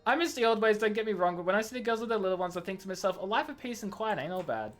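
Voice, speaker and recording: A man doing a gruff old-salt pirate woman. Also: high-pitched, lively intonation, very fast, fairly bright tone, faint music behind, pitched above the performer's own voice. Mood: wistful. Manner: gruff, folksy sailor talk. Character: gruff weathered female pirate, nostalgic, shrewd. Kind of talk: reading game dialogue aloud in a put-on voice.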